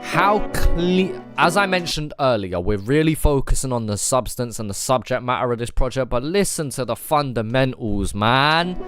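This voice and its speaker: A man's voice: mid-range voice, expressive, normal speed, hardly any pauses, over music. A man on a live stream reviewing new rap songs, thinking aloud and repeating lyrics to pick apart their rhymes. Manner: analytical, thinks aloud with fillers, repeats lyrics to break them down. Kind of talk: casual live-stream music reaction and breakdown.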